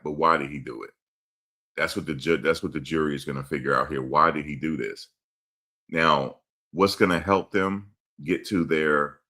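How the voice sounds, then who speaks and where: Very deep-voiced blunt man. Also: fairly bright tone. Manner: blunt and emphatic, repeats himself. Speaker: host. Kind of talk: casual commentary.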